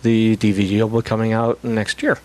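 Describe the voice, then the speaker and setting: A middle-aged man talks casually as a guest on a talk show. He delivers his stories with a dry, deadpan, self-mocking wit. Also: lowish voice, brisk. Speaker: guest actor. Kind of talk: casual chat.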